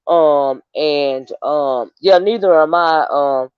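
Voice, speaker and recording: A woman's voice: deep voice, takes it slowly, clear, resonant tone, dry recording. Woman streamer, chatty rambling storyteller, muffled lo-fi home mic. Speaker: livestream host. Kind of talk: casual livestream commentary. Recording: dull, dry lo-fi stream audio.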